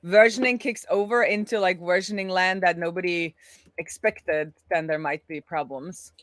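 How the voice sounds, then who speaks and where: A woman's voice: fairly low pitch, moderate pace, no room sound. Chatty woman live-streaming code, dry close mic. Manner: chatty, thinks aloud with restarts. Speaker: co-host, web developer. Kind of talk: live-stream coding chat.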